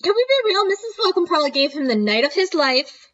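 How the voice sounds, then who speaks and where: A woman's voice: high voice, big pitch swings, quick pace, fairly bright tone. Gossipy young woman, slightly dull sound. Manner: gossipy, playful, emphatic. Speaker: podcast co-host. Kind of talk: casual recap chat.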